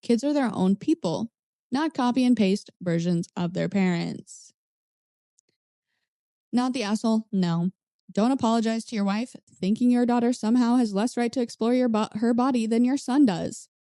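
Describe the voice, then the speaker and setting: A woman's voice: on the high side, normal speed, dark tone, no echo, studio quality. A woman reading online advice posts aloud and breaking in with blunt, sarcastic commentary in a casual way. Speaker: reddit story reader and commentator.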